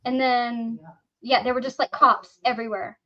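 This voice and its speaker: A woman's voice: on the high side, a little slow, muffled recording. A woman casually telling a story on a podcast, acting out the voices of the people in it. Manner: animated, acts out quoted voices.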